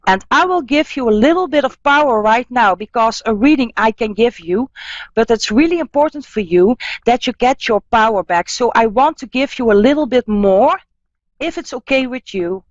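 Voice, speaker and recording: A woman hosting a live radio call-in as a psychic medium, speaking slowly and soothingly and often repeating the caller's name. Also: fairly high pitch, expressive, dry recording, lo-fi sound.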